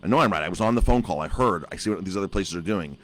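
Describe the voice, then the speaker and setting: A man's voice: sits low, expressive, racing, fairly bright tone. A chef and restaurant owner, telling a story in casual talk and acting out both sides of his conversations with officials.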